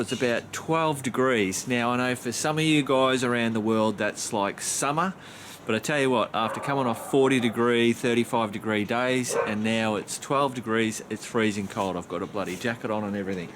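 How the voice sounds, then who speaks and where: A little hiss or hum accompanies a medium-pitched, slightly bright male voice at normal speed. He's an Australian vlogger, just out of bed, rambling casually to camera and swearing mildly here and there.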